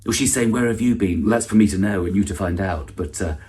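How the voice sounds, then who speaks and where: A middle-aged comedian hosts an online awards ceremony, delivering a dry, self-deprecating stand-up monologue packed with false starts and asides. His voice is deep and dark, and he speaks quickly.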